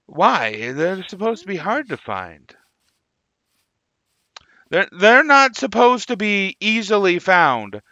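A man's voice: sits high, big pitch swings, slow pace, long pauses, sharp tone, dry recording, highs cut off. A man hosting a gaming video, chatting casually and musing aloud with jokey asides as he plays. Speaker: gaming channel host. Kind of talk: casual gameplay commentary.

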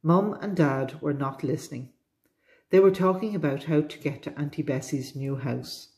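A woman with an Irish accent, a librarian reading a children's storybook aloud with expressive delivery. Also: deep voice, normal speed.

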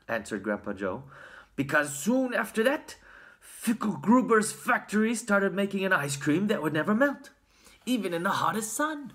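Expressive storybook reader. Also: mid-range voice, normal speed. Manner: expressive, sing-song narration. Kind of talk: reading a children's book aloud.

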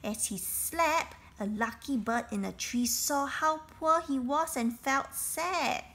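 A woman reading a children's picture book aloud, slowly, stopping to explain things in simple words. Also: high voice, fairly bright tone. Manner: slow, explains words and events in simple asides. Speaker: storybook reader.

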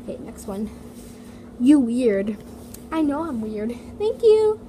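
Very animated and mellow, a woman whose voice sits high chats at normal speed as a toy vlogger reading comments, packed with "like" and "so yeah." She's recording in her home basement on an iPad mini, with a running heater humming through the noisy audio.

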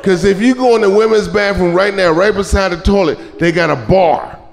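Gravelly stand-up comic on a live stage. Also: male voice, high voice, normal speed, long reverb tail. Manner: storytelling, loud punchlines, profane. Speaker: stand-up comedian. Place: comedy club stage with audience laughter. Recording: live club recording with audience noise.

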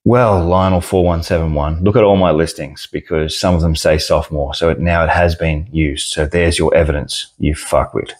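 A man's voice: rumbling low, steady tone, normal speed, few pauses, darkish tone. A young Australian man ranting casually about an online argument, blunt and sweary. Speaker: card seller and channel host.

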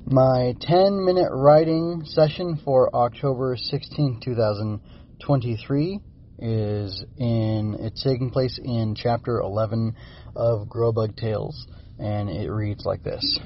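A man's voice: medium pitch, fairly even intonation, takes it slowly, lo-fi sound, slight background noise. A man hosting his own writing podcast, talking casually in a rambling, self-correcting way and reading out his log. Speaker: podcast host and author.

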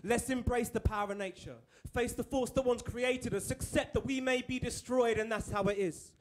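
A man's voice: extremely high pitch, fairly even intonation, moderate pace. A man performing poetry live, joking and swearing with the crowd before a lyrical recital. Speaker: performance poet. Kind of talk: live poetry reading with stage banter. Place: live venue on stage.

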